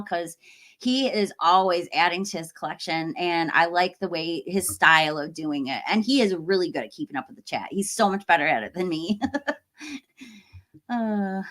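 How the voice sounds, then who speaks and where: A woman talks casually into a desk microphone as she hosts a livestream. She rambles in a friendly way with plenty of fillers, greets her viewers and reads out their comments. Her voice sits at an ordinary middle pitch for a woman. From United States. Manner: chatty, warm toward viewers, with fillers and laughs. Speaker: livestream host.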